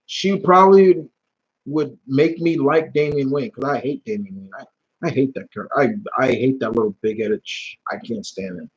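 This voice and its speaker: A man's voice: a little high, moderate pace, breathy edge. A young man hosting a live Q&A stream in casual talk, blunt and heated, swearing often and restarting his sentences. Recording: dull lo-fi stream audio.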